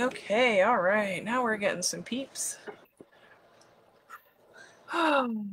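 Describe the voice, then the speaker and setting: A woman from Virginia, hosting a craft livestream in a chatty, bubbly way, her voice leaping high on greetings. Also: lively intonation, slow pace, pauses often, fairly bright tone, slight background noise. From West Virginia. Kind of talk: casual live-stream chat.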